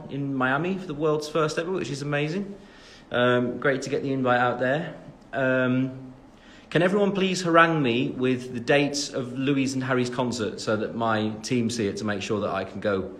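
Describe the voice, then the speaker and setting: A man's voice: medium pitch, slight background noise. A young man from the English West Midlands with an English accent, chatting on a phone livestream and reading out fan questions between lots of ums. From England, West Midlands. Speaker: singer answering fans on a livestream. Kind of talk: casual live-stream Q&A.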